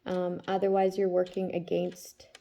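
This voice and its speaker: Mellow-voiced woman chatting casually. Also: on the low side, monotone, measured pace, creaky. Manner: chatty, tags lines with "okay?". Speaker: tarot reader. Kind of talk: casual spiritual vlog talk.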